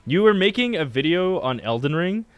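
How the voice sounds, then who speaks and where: Joking young man with a smooth voice. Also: sits high, very animated, moderate pace. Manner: joking, crude, loose storytelling. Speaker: video editor and co-host. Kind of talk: casual chat.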